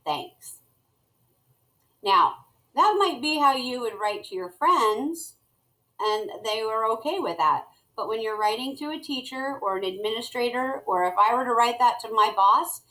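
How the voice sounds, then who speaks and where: A woman's voice: a little high, a bit bright, low-quality recording. A middle-aged woman teacher guiding students step by step through a screen-recorded tutorial, talking as she types.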